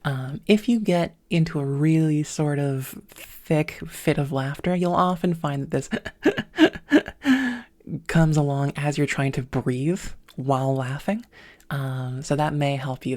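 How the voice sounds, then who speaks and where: A woman teaching a voice lesson, with a thin, slightly smoky voice and a touch of vocal fry, talking methodically through each step. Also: very deep voice, fairly even intonation, normal speed, hardly any pauses, a little mellow. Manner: methodical, breaking sounds into parts, with many "um"s. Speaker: voice training coach. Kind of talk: instructional voice lesson.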